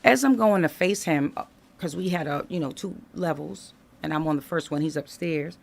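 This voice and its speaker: A woman telling her life story as a podcast guest, in an animated, conversational way that acts out the dialogue. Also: deep voice, moderate pace, vocal fry, slight background noise. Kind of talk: candid storytelling in a podcast interview.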